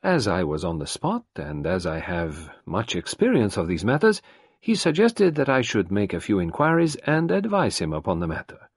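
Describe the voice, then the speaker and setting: A man voicing a courteous, fussy older male detective who speaks in a polite, measured, formal way. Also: fairly low pitch, huge pitch swings, breathy edge, dry recording, clean studio sound, exaggerated voice. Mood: probing.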